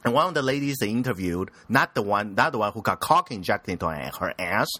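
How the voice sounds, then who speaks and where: A man's voice: on the low side, animated, brisk, pushed and bright, no echo. A young man hosting a casual anime news podcast, rambling and crude, often giggling at his own jokes. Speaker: podcast host.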